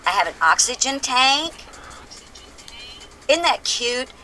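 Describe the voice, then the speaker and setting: An older woman rants in a vlog, brash, profane and sarcastic. Her voice is bright and fairly high, and it comes from a played video clip. Faint music runs underneath. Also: very animated, slow pace. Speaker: video creator answering a troll. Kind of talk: ranting vlog monologue.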